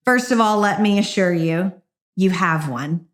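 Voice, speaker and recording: A woman's voice: medium pitch, expressive, measured pace. A middle-aged woman hosting a devotional podcast, speaking in an earnest, encouraging and reflective way. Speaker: podcast host.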